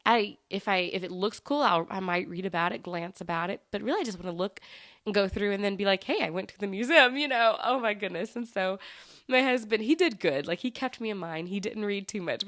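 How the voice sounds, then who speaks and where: A woman's voice: mid-range voice, a bit bright, no echo, studio quality. A woman, hosting a podcast and telling a travel story in a chatty way. She laughs often and acts out the people she quotes. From United States. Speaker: podcast host.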